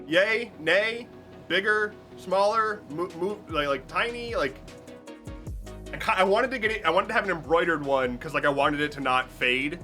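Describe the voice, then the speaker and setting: Dude streaming, rambly and jokey, swears a lot, soft music in the back. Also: male voice, sits high, moderate pace. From United States. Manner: rambling, joking, swearing, many restarts. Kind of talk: casual stream chat. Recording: faint music behind.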